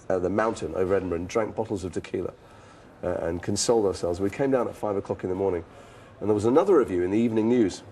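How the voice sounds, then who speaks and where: A man's voice: on the low side, dark tone. A man in his forties with a northern English accent, telling frank, self-deprecating stories in an interview. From northern England. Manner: frank, self-deprecating storytelling with casual swearing. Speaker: actor being interviewed. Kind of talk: reflective interview anecdotes.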